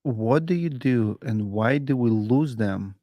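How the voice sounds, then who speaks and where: A man's voice: medium pitch, lively intonation, slow, mellow, no room sound. Man hosting a podcast interview. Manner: asks questions, non-native phrasing. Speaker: podcast host.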